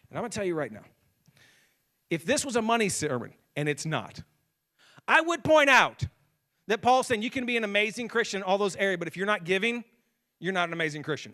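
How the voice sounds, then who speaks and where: A man in his thirties, a pastor preaching a sermon from a church stage in an animated, self-mocking way, acting out little dialogues. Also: high voice. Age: 30s.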